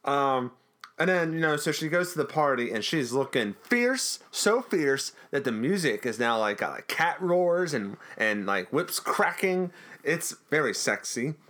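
A man's voice: a little high, sing-song, unhurried, fairly bright tone. A man co-hosting a podcast, recapping an episode in a chatty, jokey way. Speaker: podcast co-host. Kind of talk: casual recap chat.

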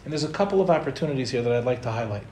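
A man's voice: mid-range voice, lively intonation, rapid-fire, darkish tone, slight background noise. A man giving a spiritual talk to an audience, conversational and storytelling, acting out the people he quotes. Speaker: Torah teacher. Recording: roomy echo, faint ambience.

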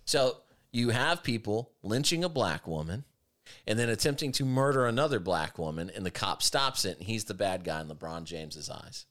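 This man hosts a talk show, giving argumentative, opinionated commentary with strong emphasis and phrasing that lurches between hurried and stretched out. He sounds animated, with a somewhat bright voice on the low side.

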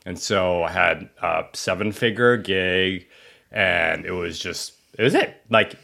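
A man in his thirties hosting a podcast, telling stories in an animated way with frequent restarts. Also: low voice, slow pace, creaky. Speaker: podcast host. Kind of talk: casual podcast conversation.

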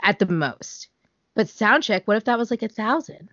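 A woman co-hosting a podcast in casual chat, talking fast and loose with lots of fillers and frequent laughs. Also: medium pitch, lively intonation, fairly bright tone, no echo. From United States. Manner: chatty, laughs often, many fillers. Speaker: podcast co-host. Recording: dull, dry podcast audio.

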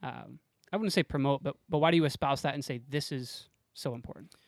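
A man's voice: mid-range voice, a little fast, gravelly, no echo, clean studio sound. A man hosting a podcast interview, asking questions and adding short, casual interjections. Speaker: podcast host.

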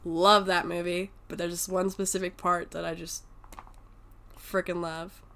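A woman's voice: fairly low pitch, little pitch movement, a little slow, fairly bright tone, a little hiss or hum. A woman co-hosting a podcast in casual chat, swearing freely and laughing as she acts out movie lines. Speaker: podcast co-host.

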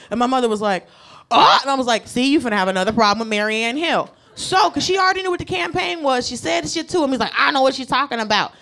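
A woman tells a stand-up story. She is profane and animated, and she acts out the people in it. Her delivery swings from loud to hushed. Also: sits high, fast. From United States. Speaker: stand-up comedian. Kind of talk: stand-up comedy set.

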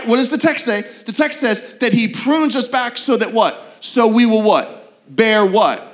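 Earnest high-voiced preacher. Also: male voice, expressive. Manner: earnest preaching with rhetorical questions and quick repeated restarts. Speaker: pastor. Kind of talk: sermon.

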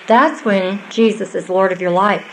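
A woman's voice: mid-range voice, normal speed, slight background noise, rough recording. An older woman giving a Bible teaching to a live audience, earnest and conversational with small asides.

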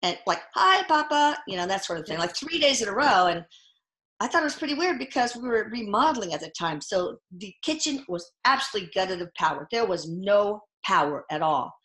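A middle-aged woman with a bright, forceful voice tells her stories in a casual interview. She stops and restarts often and leans on fillers. The sound is roomy and echoey. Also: mid-range voice, lively intonation. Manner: halting, full of fillers and restarts. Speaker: guest. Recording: echoey room.

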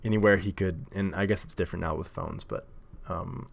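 A man's voice: low voice, fairly quick, gravelly. A man hosting his own podcast, rambling casually with lots of fillers and frequent laughs into a desk mic. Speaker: podcast host. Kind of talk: casual solo podcast monologue. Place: home recording setup at a table.

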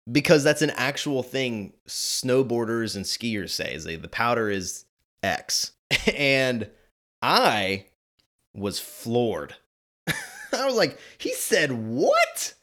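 A man in his twenties giving chatty movie commentary, animated and quick to laugh. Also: medium pitch. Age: 20s. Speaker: video host.

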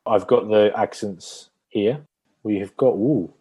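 Podcast co-host, deep mellow husky voice, wisecracking. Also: male voice, takes it slowly, poor audio. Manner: jokey, self-deprecating. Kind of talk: casual chat.

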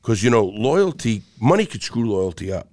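Profane Brooklyn storyteller, low voice. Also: male voice, normal speed, no echo. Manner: swears constantly, animated storyteller acting out dialogue. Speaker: podcast guest, former jewel thief.

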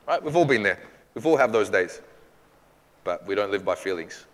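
A man, a pastor, answering questions from his congregation in a casual, animated way, acting out little quoted exchanges. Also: fairly low pitch, quick pace, in a large hall, a little hiss or hum. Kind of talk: church Q&A teaching.

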